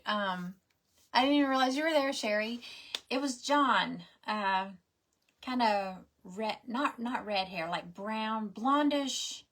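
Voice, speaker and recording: A chatty middle-aged woman with a lilt and a fairly high voice, hosting a relaxed crafting stream. She rambles through stories, jumps up high and bright when she acts out what people said, then slips into soft, murmured asides. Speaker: crafting livestream host. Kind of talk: casual chatty storytelling while crafting.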